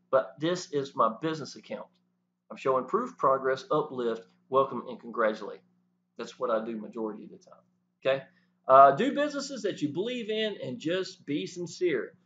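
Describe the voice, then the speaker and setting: A man talking to the camera, animated and preachy, often saying "y'all". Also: mid-range voice, slight background noise. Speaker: network marketing promoter. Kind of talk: casual talk to camera. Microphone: camera mic. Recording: dull lo-fi sound.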